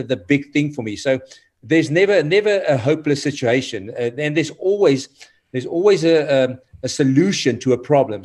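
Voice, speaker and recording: A man speaking as an interview guest, earnest and motivational, often halting and repeating words. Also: on the high side, a little mellow. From South Africa. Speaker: guest, former rugby player. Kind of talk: casual interview chat.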